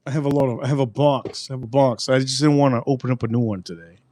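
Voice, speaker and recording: A man's voice: medium pitch, fairly even intonation, quick pace, a little mellow. Rambling, joking man on a livestream. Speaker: livestream host. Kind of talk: casual livestream chat.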